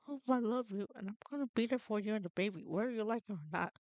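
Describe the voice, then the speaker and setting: A woman's voice: mid-range voice, fast talker, darkish tone, no echo, muffled recording, voice pushed down, close to an everyday voice. A woman voicing a shaken young man who is about to become a father, speaking in an earnest, apologetic way while reading a fan story aloud.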